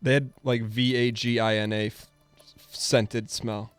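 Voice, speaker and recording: A man's voice: medium pitch, little pitch movement, measured pace, smooth, no echo, faint music behind. A man on a live talk show asking blunt, probing questions in casual chat.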